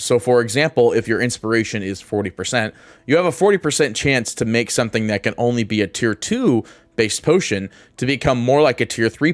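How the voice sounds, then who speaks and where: A man's voice: medium pitch, dry recording. Man explaining a game crafting guide. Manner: explanatory, casual, with fillers and self-corrections. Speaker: gaming guide creator. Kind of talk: game tutorial voice-over.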